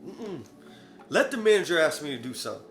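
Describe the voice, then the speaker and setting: A man hosting a comedic movie review vlog, animated and profane, breaking into quick comic skits. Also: a little high, faint music behind.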